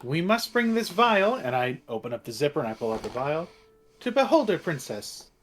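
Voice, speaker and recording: Animated melodramatic woman player. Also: sits low, moderate pace, soft background music. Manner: exclamatory, melodramatic. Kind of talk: in-character tabletop play.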